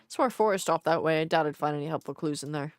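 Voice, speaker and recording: A woman voicing a skeptical young male defense lawyer, read dry and low. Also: fast talker, no room sound, natural voice.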